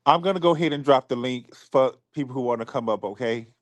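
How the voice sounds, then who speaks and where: Nearly in tears, a man offers an apology to his supporters on a live stream. He talks haltingly, often going back to restart a sentence or repeat himself. His voice is mid-range, and there's no echo.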